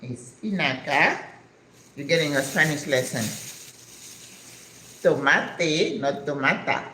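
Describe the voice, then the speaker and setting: A woman's voice: fairly low pitch, roomy sound, a little hiss or hum, rough recording. A woman in her sixties, originally from the United States, chatting enthusiastically in a casual vlog as she unpacks groceries in her kitchen and drops in Spanish words. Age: 60s. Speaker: vlogger.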